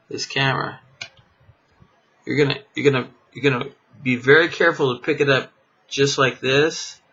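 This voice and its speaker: A magic teacher with a mid-range, pushed and bright voice explains a card trick casually and rambles, full of fillers and chuckling at himself. The audio is dull lo-fi camera sound.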